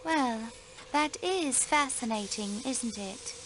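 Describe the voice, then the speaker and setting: An actress playing a guarded, formal young countess in a video game. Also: female voice, a little high, lively intonation, slow, slight background noise. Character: guarded aristocratic young countess with hidden grief.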